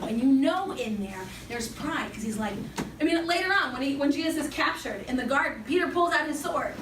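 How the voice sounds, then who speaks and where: A young woman giving an animated Bible talk as a youth speaker, storytelling with lively acted-out quotes. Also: sits high, brisk. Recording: echoey hall from far off with background noise.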